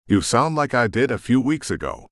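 A man with a medium-pitched, lively voice plays a blunt male friend, pressing with question after question at a moderate pace. The studio-quality recording has no room sound, and his voice is pushed up while staying close to an everyday voice.

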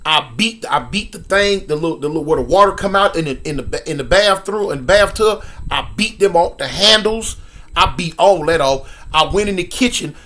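A man in his sixties from Los Angeles telling a story casually, animated, with sound effects and lots of repetition. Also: a little high, a little fast. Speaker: storyteller guest.

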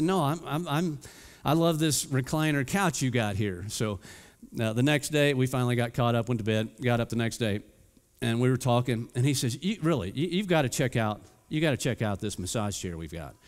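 Animated male pastor in a reverberant church. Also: mid-range voice, normal speed. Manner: animated, playful storytelling with acted-out quotes. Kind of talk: storytelling sermon. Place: church sanctuary.

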